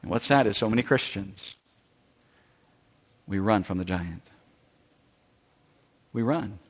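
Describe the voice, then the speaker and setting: A man's voice: on the low side, takes it slowly, pauses often. A man preaching a sermon with dramatic delivery, acting out the voices of Bible figures and worried churchgoers. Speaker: pastor. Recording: long hall reverb.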